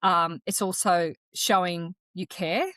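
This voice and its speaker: A podcast co-host speaks slowly in a lowish, steady, slightly bright voice with no echo. In casual, reflective chat she explains ideas step by step, with many restarts.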